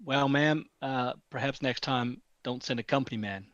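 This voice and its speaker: A stoic, unflinching male marine corporal, as a man plays him, answering in calm, formal, clipped replies at a middle pitch. The sound is dry and a little muffled. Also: moderate pace, no room sound, close to an everyday voice.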